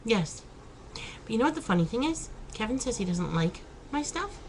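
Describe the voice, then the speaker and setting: A woman vlogger chats casually in a home vlog, laughing and exclaiming as she goes. Her voice is a little high and very animated at a moderate pace, and the low-quality recording has slight background noise.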